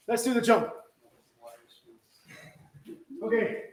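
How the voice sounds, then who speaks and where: Man, karate instructor, instructive, checks in with "yeah?", high voice, echoing hall. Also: normal speed, a little hiss or hum. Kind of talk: teaching a martial arts class. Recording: echoey room from a distance.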